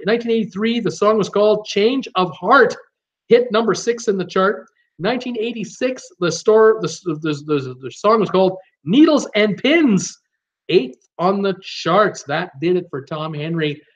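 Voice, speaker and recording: A man's voice: high-pitched, expressive, lo-fi sound. A man hosting a live-stream trivia game, reading out viewer guesses and calling them right or wrong with plenty of "uh"s. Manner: reads viewer guesses and answers, quick yes-or-no calls with many fillers. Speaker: trivia host.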